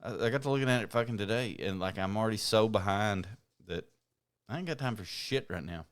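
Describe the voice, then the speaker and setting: Low, smooth-voiced man swearing casually. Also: brisk. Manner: profane, rambling storyteller. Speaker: podcast co-host. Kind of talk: casual chat.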